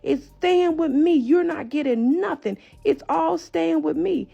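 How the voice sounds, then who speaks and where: A woman's voice: fairly low pitch, normal speed, gravelly, darkish tone, breathy edge, highs cut off, faint music behind. Woman quoting a harsh, scolding father. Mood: angry. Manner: scolding, threatening. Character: harsh controlling father, adult man.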